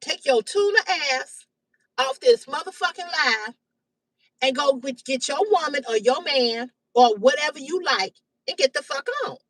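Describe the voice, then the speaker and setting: A woman in her fifties hosting a live stream, talking bluntly and loudly with heavy cursing. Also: high-pitched, animated, normal speed, no echo, distant mic, poor audio. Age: 50s. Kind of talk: profane casual live-stream rant. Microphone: phone or webcam on a live stream.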